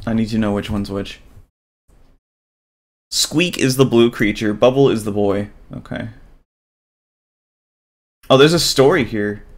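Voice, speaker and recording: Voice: medium pitch, a little slow, pauses often. Chatty game streamer from Virginia. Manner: chatty, talks to the game characters. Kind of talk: casual gameplay commentary.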